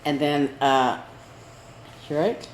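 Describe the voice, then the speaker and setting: A woman co-hosts a casual crafting chat, rambling and using lots of fillers in a low, steady, slow voice. The room is echoey with faint noise.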